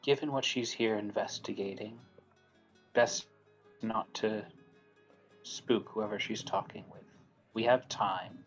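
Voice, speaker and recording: A man voicing a calm, watchful male adventurer who speaks in a measured, quiet way. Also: lowish voice, soft background music, poor audio. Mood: reserved.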